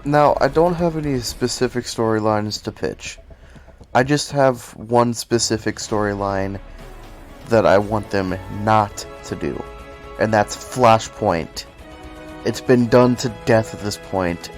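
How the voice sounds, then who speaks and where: Low-voiced man pitching superhero ideas. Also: slow, soft background music. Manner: rambling and self-deprecating, with cursing rants. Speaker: video essay host. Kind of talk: casual commentary.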